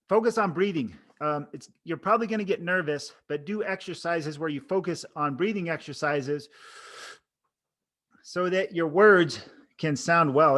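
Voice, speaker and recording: A man's voice: a little high, fairly bright tone. A man giving casual coaching talk to camera, demonstrating expressions and vocal tones as he teaches. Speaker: oral board coach. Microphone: camera framing, speaking to camera.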